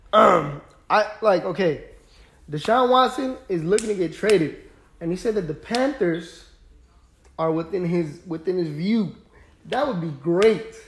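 A young man hosting a podcast, chatting casually about sports in a laid-back, rambling way with lots of fillers. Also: sits high. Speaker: podcast host.

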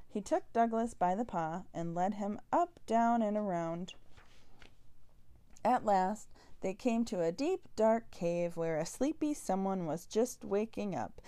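A woman reading a children's picture book aloud, slow and expressive. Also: medium pitch, clear, resonant tone. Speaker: storyteller.

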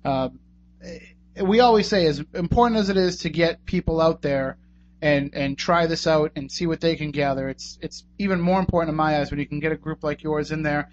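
Fairly high-pitched and brisk, a radio talk show host rambles casually through his sign-off. He thanks the guests and plugs contacts in a chatty manner, on a muffled recording with a faint hum.

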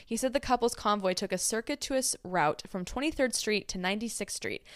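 A woman co-hosting a casual celebrity news podcast, briskly reading news articles aloud. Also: mid-range voice, a bit bright, no room sound, studio quality. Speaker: podcast co-host.

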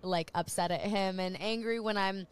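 A woman's voice: medium pitch, normal speed, clear, resonant tone. A young woman talking earnestly and reflectively in a casual podcast chat, sharing advice.

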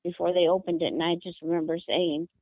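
A mother giving an emotional interview, halting and repeating her words in distress. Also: fairly low pitch, flat delivery, no echo. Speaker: mother of a missing daughter, interviewee. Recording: tinny phone line.

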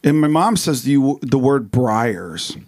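A middle-aged man co-hosting a podcast, telling rambling stories in casual chat and getting animated when he quotes people. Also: medium pitch, takes it slowly. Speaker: podcast co-host.

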